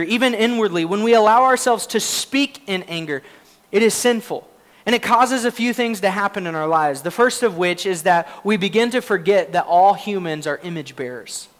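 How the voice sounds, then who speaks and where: A man's voice: high-pitched, fairly bright tone. A man preaching a sermon as pastor, earnest and conversational, with frequent fillers and self-deprecating laughs.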